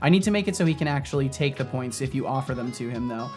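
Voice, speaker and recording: A man's voice: medium pitch, expressive, quick pace, a little mellow, soft background music. A man streaming as a game developer, chatting casually, rambling and laughing often as he reads chat aloud.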